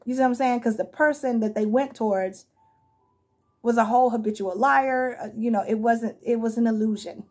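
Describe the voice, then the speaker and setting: A woman's voice: a little high, moderate pace, a little mellow. A woman giving a casual tarot reading, talking bluntly and profanely in a chatty way and laughing often. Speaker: tarot reader.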